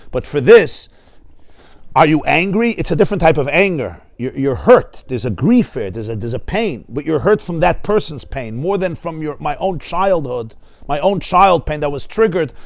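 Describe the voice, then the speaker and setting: Animated rabbi teaching a class. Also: male voice, on the high side, no room sound. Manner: animated, joking, acts out voices of people he describes. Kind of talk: lively Torah class lecture. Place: study hall.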